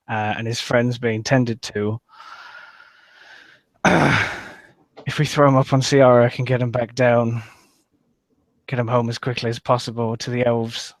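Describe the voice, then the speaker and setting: A man's voice: mid-range voice, dry recording. A man playing a tabletop game, casually rambling as he describes his character's actions. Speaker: player. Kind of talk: casual tabletop role-play.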